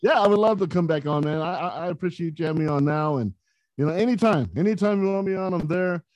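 A man, a podcast guest, telling stories in a casual, animated way, often laughing as he talks. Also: a little high, quick pace. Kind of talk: casual storytelling.

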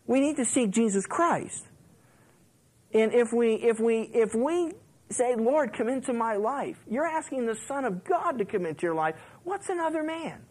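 With an extremely high voice and a moderate pace, a male pastor preaches on a Bible book over a rough recording. He keeps it conversational, leaning on "you know," and brings his stories to life by acting out quotes and laughing along.

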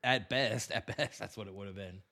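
A man co-hosting a podcast, chatting in a relaxed, conversational way. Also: on the low side, moderate pace, creaky. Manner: relaxed, conversational, brief backchannels. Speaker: podcast co-host. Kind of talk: casual chat.

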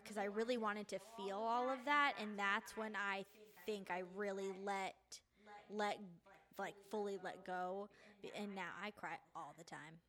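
A woman's voice: medium pitch, fairly even intonation, measured pace, fairly bright tone. A woman hosting a casual podcast chat, blunt and swearing casually. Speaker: host.

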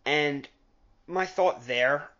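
A man's voice: on the high side, extremely slow, pushed and bright, highs cut off. A man giving a casual, opinionated recap of a political debate, rambling and often correcting himself mid-sentence. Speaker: political commentator.

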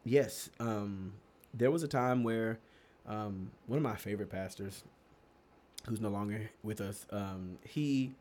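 A young man from Texas telling stories in a casual chat, animated and laughing often, his pitch leaping up for emphasis. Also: a little slow. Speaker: podcast co-host.

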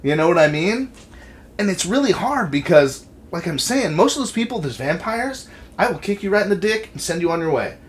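Animated, cursing man chatting casually. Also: high voice, brisk, slight background noise. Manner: animated, swears freely. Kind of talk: casual chat.

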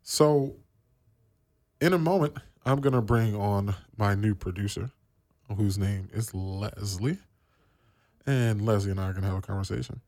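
Slangy low-voiced man hosting radio. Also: moderate pace, pauses often, no echo, clean studio sound. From East Coast US. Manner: relaxed, slangy, with many fillers. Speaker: radio show host. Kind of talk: casual radio chat.

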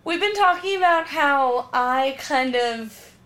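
A woman with a notably high voice, co-hosting a casual chat podcast. She tells stories with lively energy, swears freely and laughs a lot. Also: slow, faint music behind. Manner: animated storyteller, swears freely, laughs often. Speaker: podcast co-host.

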